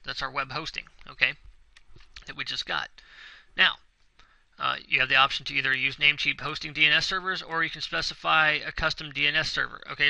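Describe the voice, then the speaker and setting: A young man narrating a screen tutorial in a casual, reassuring way, checking in again and again. His voice is very bright and has a gravelly fry. The sound is dry, close to the mic. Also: fairly high pitch, no echo, low-quality recording. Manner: casual, reassuring, repeats himself often with "okay?". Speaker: web tutorial instructor. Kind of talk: screen-recorded tutorial walkthrough.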